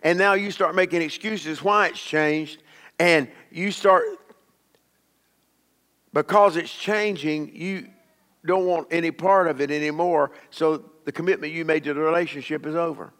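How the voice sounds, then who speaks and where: A man preaches a sermon in a church, his voice sitting high for a man. He drives his points home by repeating key phrases with emphasis. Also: fairly even intonation, unhurried, fairly bright tone. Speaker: pastor.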